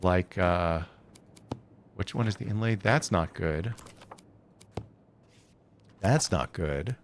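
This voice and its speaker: Casting: lowish male streamer, muttering through builds, faint rumble behind. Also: slow pace. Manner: thinks aloud, hesitant, self-correcting. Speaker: streamer building a game base. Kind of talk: casual live-stream chat.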